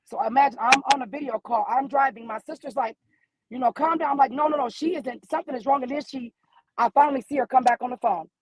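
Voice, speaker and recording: Animated storytelling mother calling in. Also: sits high, quick pace, husky, dry recording, poor audio. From American Midwest. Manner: animated storyteller who acts out dialogue. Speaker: guest caller, mother. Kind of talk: emotional personal account by phone from her car. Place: in a car.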